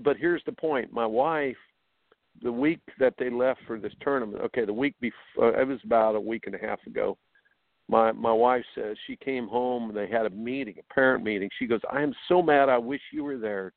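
Animated man telling stories over the phone. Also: medium pitch, creaky, dry recording. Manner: animated, repeats words when excited. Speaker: coach. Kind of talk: casual storytelling. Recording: tinny phone line.

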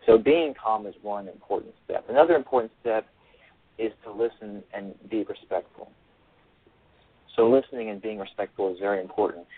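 A man's voice: fairly low pitch, dry recording. A male author giving a radio interview over the phone, earnest and repeating his phrases as he explains. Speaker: author and guest. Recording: tinny phone line.

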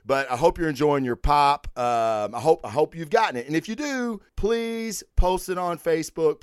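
A man's voice: fairly high pitch, smooth, dry recording, studio quality. A man hosting a podcast, talking casually and profanely through sponsor plugs and giveaway news in emphatic bursts. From United States. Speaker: podcast host.

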